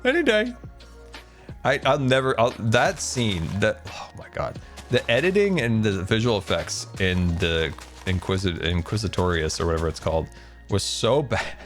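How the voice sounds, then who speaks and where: A man's voice: lowish voice, lively intonation, moderate pace, soft background music. A man streaming casually, ranting animatedly and joking with his viewers.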